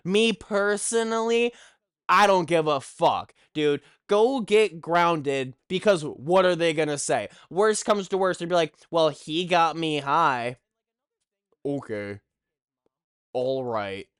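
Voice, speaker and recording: A young man telling a story on his own channel in an animated, exasperated rant, swearing constantly. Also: on the high side, slow, smooth, no echo, clean studio sound. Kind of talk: profane ranting storytime.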